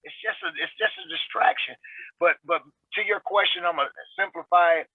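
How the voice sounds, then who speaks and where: A man's voice: high voice, sing-song, a little fast, creaky, no echo. A man giving an earnest, emphatic testimony on a talk show, repeating phrases for weight over a video call. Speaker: guest sharing recovery testimony. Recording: tinny video-call audio.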